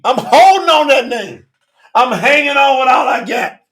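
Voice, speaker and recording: A man preaching a fiery revival sermon, shouting and exclaiming, from Florida, emotional with his nose running. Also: extremely high pitch, lively intonation, measured pace, a faint crowd. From Florida, United States. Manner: shouting, preaching, Southern US vernacular speech.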